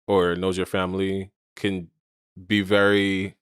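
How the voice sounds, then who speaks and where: A man's voice: sits low, monotone, measured pace, clean tone, no echo, clean studio sound. A young adult man from Saint Croix, a podcast guest talking in an easygoing way with frequent ums and laughs. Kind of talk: casual chat.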